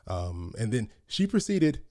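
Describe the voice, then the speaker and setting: A man's voice: medium pitch, very animated, measured pace, warm tone, dry recording, studio quality. A young adult man co-hosting a podcast, chatting casually and rambling with frequent restarts. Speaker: podcast co-host. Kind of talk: casual chat.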